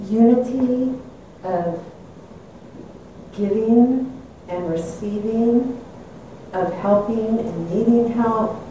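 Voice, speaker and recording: This older woman's voice sits on the high side, warm and with drawn-out words, as she candidly reflects on her past and laughs at herself. The recording has its highs cut off, slight hiss or hum, and the echo of a room captured from afar.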